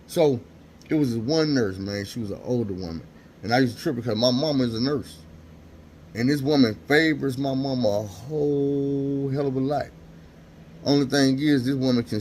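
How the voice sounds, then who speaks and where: A man's voice: medium pitch, a little hiss or hum. Slang-heavy man telling a story. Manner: animated, slangy and emphatic, with lots of repetition. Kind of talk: casual storytime monologue.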